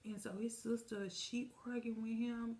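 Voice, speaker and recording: Gravelly-voiced woman telling a story. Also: a little high, level tone, moderate pace, a little mellow. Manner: chatty, addresses viewers directly; vivid retelling with quoted dialogue. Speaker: storytime vlogger. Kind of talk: casual storytime vlog.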